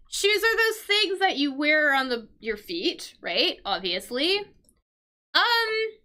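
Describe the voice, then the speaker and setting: A woman's voice: sits high, bright, forceful tone. A woman teaching English vocabulary on a live stream, explaining words patiently, checking in with "right?" and answering her chat.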